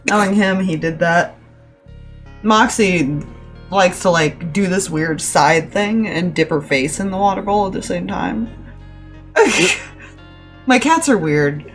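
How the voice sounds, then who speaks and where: A woman's voice: fairly low pitch, expressive, slow pace, pauses often, faint music behind. Giggly woman hosting a game stream. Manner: chatty, laughs often. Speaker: dungeon master and stream host. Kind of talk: casual pre-game chat on a live stream. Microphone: headset.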